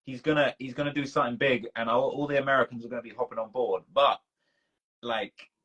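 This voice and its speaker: British man, husky voice, casual rambling chat, dull lo-fi live-stream sound. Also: medium pitch, steady tone, fast talker, a bit bright. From United Kingdom. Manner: loose, rambling, full of "bro" and "man". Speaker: documentary creator and host. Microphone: video call.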